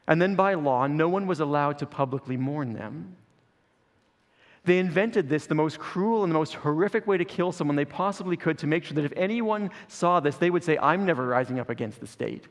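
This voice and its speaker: A man's voice: on the high side, moderate pace, big-room sound. A man preaching a sermon as pastor, earnest and building through repeated phrases.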